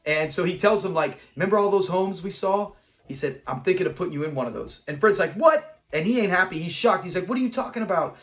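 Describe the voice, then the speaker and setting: A chatty man reviewing an old sitcom episode with enthusiasm, wandering off into side notes. He acts out the characters' lines as he retells them. His voice is high for a man. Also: expressive, quick pace, fairly bright tone. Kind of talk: casual chat.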